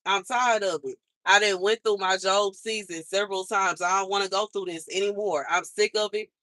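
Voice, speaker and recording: A woman's voice: mid-range voice, fairly even intonation, moderate pace, fairly bright tone, no echo. A young woman hosting a livestream, venting in a frustrated, repetitive and emphatic way. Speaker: livestream host.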